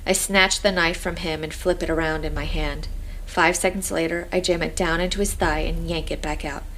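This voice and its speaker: Low-voiced woman narrating an audiobook. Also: steady tone, normal speed, fairly bright tone, a little hiss or hum. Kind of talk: first-person audiobook narration.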